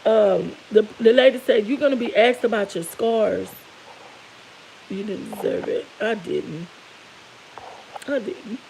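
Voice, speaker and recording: A woman's voice: medium pitch, unhurried, creaky, pauses often, warm tone, slight background noise, rough recording. A middle-aged woman candidly telling viewers an emotional personal story, tearful at moments. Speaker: vlogger.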